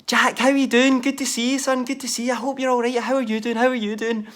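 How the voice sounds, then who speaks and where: A frantic middle-aged mother shrieks in a high, wailing falsetto , put on by a man. She sounds tearful and repeats each phrase. Her lilt stays under the squeals. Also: little pitch movement, quick pace, fairly bright tone.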